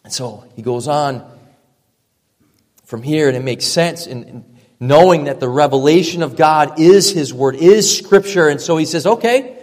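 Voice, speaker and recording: A male pastor preaching a sermon, emphatic, dropping to a hush for effect and piling up repeated phrases. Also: fairly high pitch, a little slow. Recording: long reverb from a large hall.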